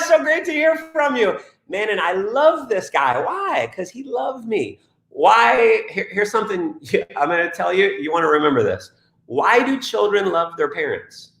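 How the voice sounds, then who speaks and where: A man coaching network marketers in a live question-and-answer session. He talks in an energetic, motivational way and reads out viewer questions. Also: a little high, vocal fry, reverberant.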